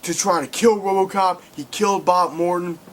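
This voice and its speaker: Young male film reviewer, slightly high voice, excitable and profane, faint background hiss. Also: moderate pace. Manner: excitable, swearing, acts out scenes loudly. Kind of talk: casual spoken film review.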